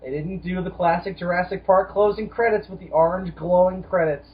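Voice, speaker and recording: A man's voice: sits high, steady tone, brisk, crowd noise. A man co-hosting a casual film discussion podcast, emphatic and profane, ranting at times. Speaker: podcast co-host. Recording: dull lo-fi audio.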